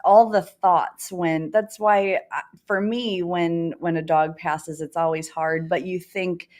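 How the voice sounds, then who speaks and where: Earnest, halting woman guest. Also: on the low side, fairly even intonation. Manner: earnest, halting, soft-spoken. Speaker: dog rescue guest. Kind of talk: casual interview chat.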